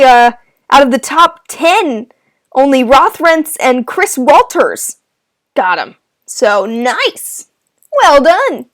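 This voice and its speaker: High, lively woman hosting trivia. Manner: playful, jokey asides between questions; reads each question twice. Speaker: trivia host. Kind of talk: hosting a live online trivia game.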